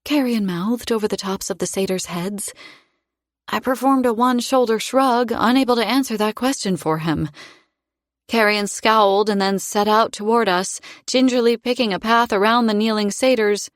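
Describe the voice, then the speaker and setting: A woman narrating a fantasy audiobook in first person, with a measured, expressive reading. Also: on the high side, no room sound, studio quality.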